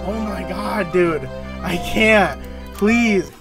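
A young man hosting a gaming channel, giving excitable, easily frustrated commentary while he plays. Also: high voice, very slow, over music. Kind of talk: let's-play commentary.

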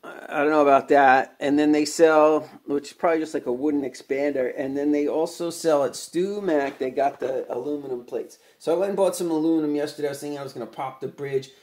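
A man's voice: a little high, steady tone, a little fast, hardly any pauses, darkish tone. A middle-aged man chatting casually as he walks through a home guitar repair, rambling with many fillers. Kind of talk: casual workshop vlog.

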